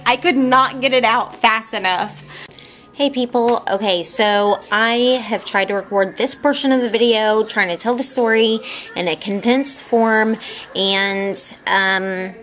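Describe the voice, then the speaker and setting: A woman telling stories casually to a handheld camera at home, rambling and animated. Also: fairly high pitch. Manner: rambling, animated, quick to laugh. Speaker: vlogger. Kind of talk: casual storytelling vlog. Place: at home indoors. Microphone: handheld camera at arm's length.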